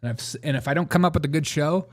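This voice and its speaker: A man's voice: a little high, fast talker. A man hosting a live show, chatting casually and rambling through jokes and chat replies, laughing often. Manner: reads chat and answers it.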